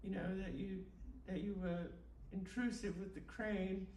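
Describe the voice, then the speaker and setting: A woman leading an absurd, deadpan guided meditation and chatting with the host at a live bookstore event. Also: medium pitch, unhurried. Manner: deadpan absurdist, rambling with fillers. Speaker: guest performer. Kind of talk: comic improvised guided meditation and chat. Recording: roomy and distant, faint background noise.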